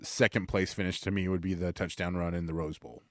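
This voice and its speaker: Low-voiced man, earnest sports opinions. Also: steady tone, brisk, dry recording, clean studio sound. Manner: earnest, opinionated, with frequent restarts and repeated words. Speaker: podcast co-host. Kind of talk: casual sports chat.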